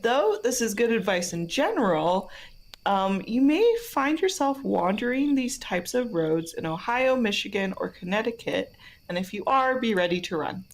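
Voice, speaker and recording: A woman's voice: mid-range voice, big pitch swings, moderate pace. A woman co-hosting a podcast in casual chat, laughing often between her phrases. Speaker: podcast co-host.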